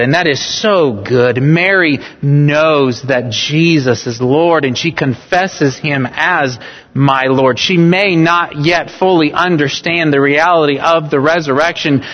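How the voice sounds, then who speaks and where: A male pastor preaching slowly and earnestly to his congregation, returning to phrases to stress them anew. His voice sits high, and the recording is muffled, with a long reverb that says he is in a large church sanctuary. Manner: earnest, rising in emphasis, rereads phrases with different stress. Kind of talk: sermon. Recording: dull sound with long hall reverb.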